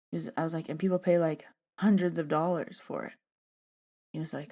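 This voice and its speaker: A young adult woman hosting a podcast, telling a story in a chatty, animated way and acting out the dialogue she quotes. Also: deep voice, fairly quick. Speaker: podcast host. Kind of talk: casual storytelling monologue.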